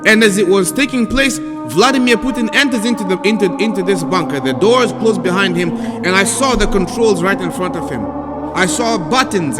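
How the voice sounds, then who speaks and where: A man recounting a prophetic vision in a halting, repetitive, earnest way. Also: high-pitched, big-room sound. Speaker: self-styled prophet.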